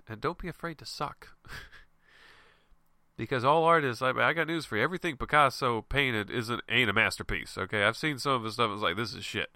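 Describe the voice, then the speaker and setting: A man's voice: on the low side, gravelly, bright, forceful tone, no echo. A man hosting a show with a stuffy, nasal voice from a head cold, giving loose, frank encouragement to fellow artists. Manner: loose, rambling and frank, with laughs and mild swearing. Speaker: show host and comic artist. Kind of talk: casual motivational monologue.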